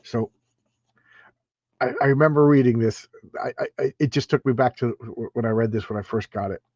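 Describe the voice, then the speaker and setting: A man's voice: medium pitch, a little fast, a little mellow. A man talks through a comic on a casual home livestream, leaning on words for emphasis and restarting sentences as he goes. His voice sits in the middle range. The sound is a little dull and very dry, with no room echo. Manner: chatty, emphatic, frequent restarts. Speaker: comic book channel host.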